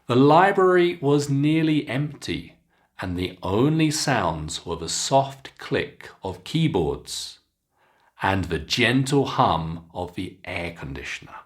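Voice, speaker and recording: A man with a British English accent teaching pronunciation, reading a story aloud slowly and clearly between instructions to pause and practise. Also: mid-range voice, sing-song. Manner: slow, deliberate, clearly enunciated reading with instructions to repeat.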